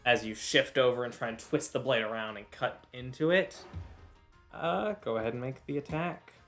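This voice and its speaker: A man's voice: mid-range voice, normal speed, fairly bright tone, faint music behind. Man running a tabletop game, patient explainer. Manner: explains rules patiently, many filler uhs. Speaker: game master. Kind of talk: narrating and refereeing a tabletop game.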